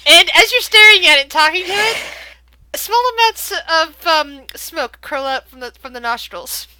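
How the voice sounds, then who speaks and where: A woman narrating as game master of a tabletop game, halting and often repeating words. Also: extremely high pitch, animated, sharp tone, no room sound, poor audio.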